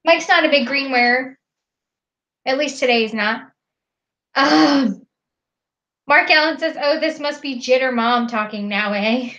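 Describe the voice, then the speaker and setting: A woman's voice: sits high, measured pace, long pauses, fairly bright tone. A woman co-hosting a casual live stream, reading viewer comments aloud in an upbeat way. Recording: dull lo-fi stream audio.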